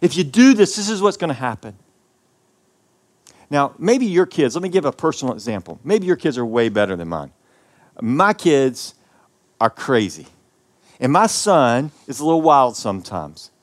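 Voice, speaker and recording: Preaching man with wide swings in loudness. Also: medium pitch, sing-song, moderate pace, pauses often. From American South. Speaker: pastor. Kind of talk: sermon.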